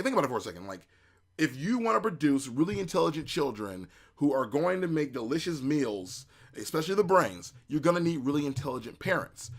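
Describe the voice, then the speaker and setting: A man hosting a casual spoken review, excitable and rambling, with many fillers and restarts. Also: medium pitch. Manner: acts out reactions in quoted asides. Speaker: anime reviewer, show host.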